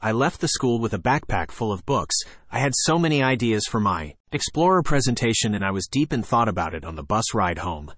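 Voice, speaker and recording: Low, dry-voiced male storyteller. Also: sing-song, brisk, a bit bright, breathy edge, no echo. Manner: playful storytelling. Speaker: audiobook narrator. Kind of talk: scripted first-person narration of a children's story.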